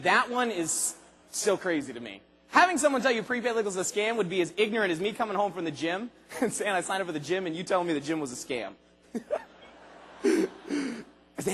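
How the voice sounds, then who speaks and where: A man giving an animated motivational speech to a large convention crowd, asking the audience rhetorical questions and acting out voices. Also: sits high, a little fast, in a large hall, a little hiss or hum. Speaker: motivational speaker at a sales convention. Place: large arena convention hall.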